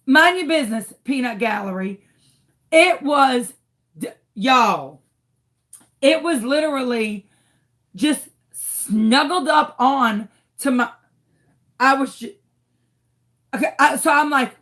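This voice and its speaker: Animated woman telling a story. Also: high voice, slow pace, pauses often. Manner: dramatic, exasperated, swings into shrieks. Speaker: crafting channel host.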